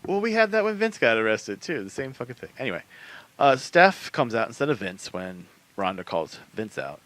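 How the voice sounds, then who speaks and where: A man co-hosting a podcast in casual chat, giving animated, joking recaps. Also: medium pitch, moderate pace, no room sound. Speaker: podcast co-host.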